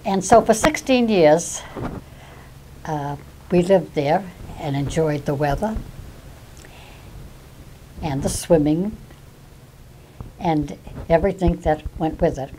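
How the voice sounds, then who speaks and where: An older woman from Massachusetts with a non-rhotic Massachusetts accent, telling personal anecdotes in an unhurried way with dry humor. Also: low voice, warm tone, slight background noise, poor audio. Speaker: local resident sharing memories.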